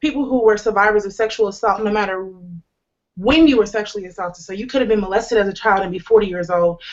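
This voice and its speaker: Candid woman sharing her testimony, lo-fi. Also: mid-range voice. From United States. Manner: earnest, candid, with bursts of humor and slang. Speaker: host sharing a personal testimony. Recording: slightly dull, lo-fi recording.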